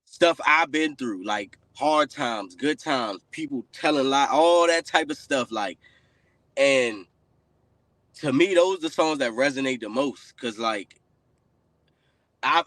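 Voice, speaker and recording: A man hosting a casual podcast, rambling with lots of fillers and often trailing off quietly. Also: mid-range voice, lively intonation, a little slow, no echo. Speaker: podcast host.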